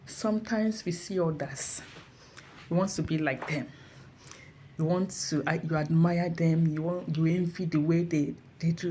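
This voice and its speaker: A woman's voice: sits low, unhurried. A woman with a Nigerian accent gives a motivational talk about faith and callings. She speaks directly to her listeners in an encouraging, earnest way, as if addressing a church or online audience. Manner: animated storytelling, acts out her colleagues loudly. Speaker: inspirational speaker. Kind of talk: motivational talk with personal story.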